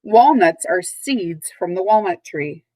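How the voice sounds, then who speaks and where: A woman teacher giving a recorded vocabulary lesson, speaking patiently and clearly, repeating and spelling out words, recorded at home. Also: on the low side, animated, a little slow, dark tone, no room sound, low-quality recording. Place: at home, dogs nearby.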